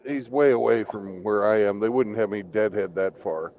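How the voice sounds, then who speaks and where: A man's voice: fairly low pitch, normal speed, dull audio. A man who works as a truck driver, talking in a casual online group chat, teasing and stammering as he repeats words.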